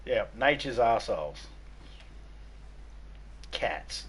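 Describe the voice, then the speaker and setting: Australian male streamer, casual live chat, crude profane banter, mid-pitched everyday voice. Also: normal speed. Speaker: gaming streamer.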